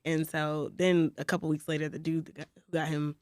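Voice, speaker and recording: Animated woman telling workplace gossip. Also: low-pitched, brisk, dry recording, clean studio sound. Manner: animated gossiping storyteller, acts out quotes. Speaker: podcast co-host. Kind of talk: casual storytelling chat.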